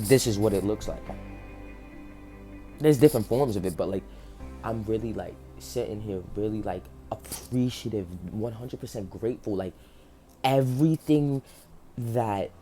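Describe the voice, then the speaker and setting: Earnest low-voiced man near tears. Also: unhurried, pauses often, darkish tone, faint music behind. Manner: earnest, passionate, many fillers like "like". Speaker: faith vlogger. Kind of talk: emotional motivational monologue.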